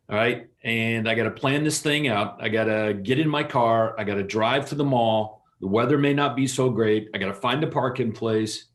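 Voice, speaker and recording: A man co-presenting an online real estate seminar, teaching casually and acting out short shop dialogues. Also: medium pitch. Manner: casual, storytelling, acts out little dialogues. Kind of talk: conversational teaching with role-play examples.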